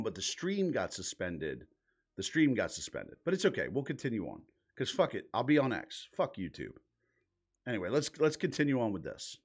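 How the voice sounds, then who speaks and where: A man hosting a live stream in casual commentary, exasperated and swearing, muttering to himself as he searches his screen. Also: medium pitch. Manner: profane, exasperated, thinking aloud while clicking around.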